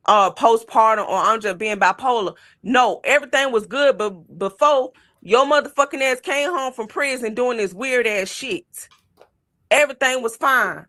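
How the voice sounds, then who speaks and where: A woman's voice: a little high, bright, forceful tone, no echo, clean studio sound. A young woman on a livestream, telling her story bluntly and angrily with constant swearing. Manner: blunt, heated, heavy swearing. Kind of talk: casual livestream chat.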